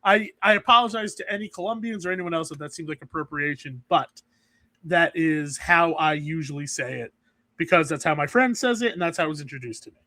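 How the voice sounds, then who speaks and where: High-voiced man rambling on a podcast. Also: a little fast, bright, forceful tone, no room sound. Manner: rambling, restarts often. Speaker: podcast co-host. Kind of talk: casual chat.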